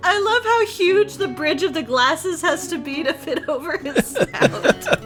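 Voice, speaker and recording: A woman's voice: extremely high pitch, expressive, a little slow, over music. A woman playing a tabletop game, giggly and bubbly as she talks. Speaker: player. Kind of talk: casual tabletop play.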